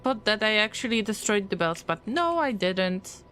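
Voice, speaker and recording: A woman's voice: medium pitch, big pitch swings, moderate pace, fairly bright tone, soft background music. A woman streaming a game, chatting casually with her viewers in a playful, teasing way and answering their messages with jokes. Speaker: gaming streamer. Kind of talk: casual live-stream chat while playing.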